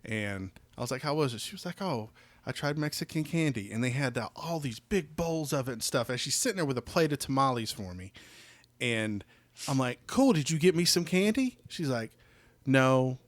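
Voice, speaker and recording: Man, podcast co-host, casual rambling, middle pitch, dry sound. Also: expressive, a little fast, fairly bright tone, no room sound. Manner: rambling, filler-heavy, joking dad. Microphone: studio microphone.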